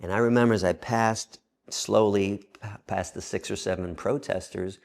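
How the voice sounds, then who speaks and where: A man with a gravelly, creaky voice tells a story in an interview. He is animated, jumping up in pitch and volume when he acts out other people's lines. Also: moderate pace. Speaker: interview guest.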